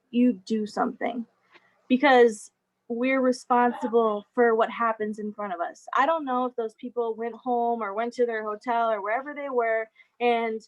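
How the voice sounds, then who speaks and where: Heard on a muffled recording, a young woman with a fairly high pitch presents casually as a guest over a video call. Her delivery is chatty and full of laughs and fillers.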